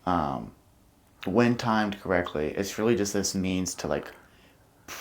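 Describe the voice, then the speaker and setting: A man's voice: low-pitched, animated, measured pace. A man hosting a podcast, chatting loosely with many fillers and murmuring agreement. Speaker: podcast host. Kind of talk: casual podcast conversation.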